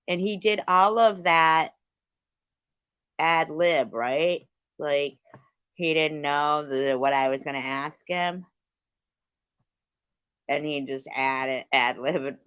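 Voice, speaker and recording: A woman's voice: deep voice, a bit bright, smooth, dry recording, highs cut off. A woman hosting a livestream, telling a rambling casual story, swearing freely and breaking off to thank viewers. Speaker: livestream host.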